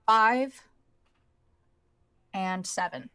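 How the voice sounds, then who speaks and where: A woman chatting casually at a tabletop gaming table, loose, informal and quick to laugh. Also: medium pitch, a bit bright, smooth. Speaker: player.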